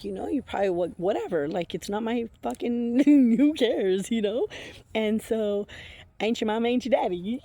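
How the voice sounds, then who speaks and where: A woman's voice: mid-range voice, warm tone. A woman telling a personal story in a casual vlog, blunt and profane, rambling with fillers and frequent laughs. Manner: rambling with many fillers and restarts. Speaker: intuitive reader.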